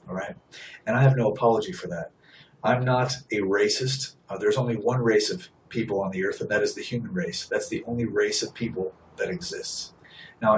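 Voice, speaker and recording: A man's voice: fairly low pitch, distant mic, a little hiss or hum, rough recording. A man giving an impassioned sermon, blunt and emphatic, driving points home by repeating them. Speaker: street preacher.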